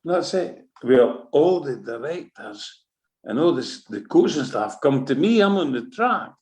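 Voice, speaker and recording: A Scottish man, a former football manager, telling lively anecdotes in an interview and acting out what people said. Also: a little high, measured pace. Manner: lively anecdotal, acts out quotes, swears. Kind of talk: animated storytelling interview. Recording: roomy echo.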